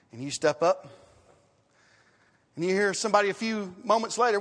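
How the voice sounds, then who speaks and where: A man preaching a sermon in a church, emphatic, repeating his phrases and asking rhetorical questions, swinging from loud to hushed. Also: high voice, expressive, a little fast, in a large hall. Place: church sanctuary.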